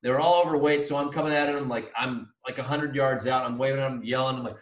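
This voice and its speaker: A man's voice: mid-range voice, fast. Rambling, profane male storyteller in an echoey room. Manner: excitable, swears freely, acts out his own yelling. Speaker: podcast co-host. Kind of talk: casual chat, animated storytelling. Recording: roomy echo.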